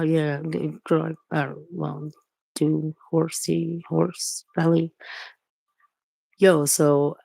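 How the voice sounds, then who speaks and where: Low husky lady vlogging, rambly and sweary, baby-talks her pets. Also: mellow, poor audio. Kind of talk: casual rambling chat.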